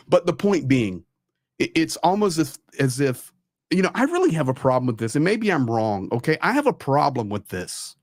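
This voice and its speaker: A man's voice: on the high side, big pitch swings, moderate pace, no echo, clean studio sound. A man hosting a casual talk show, telling stories in an emphatic way and repeating his points for stress. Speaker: host. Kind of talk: casual storytelling chat.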